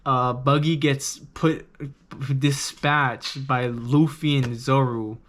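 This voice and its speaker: A man's voice: mid-range voice, steady tone, slow, fairly bright tone, a little hiss or hum. A young man casually reviewing a manga, rambling and swearing loosely in a laid-back way.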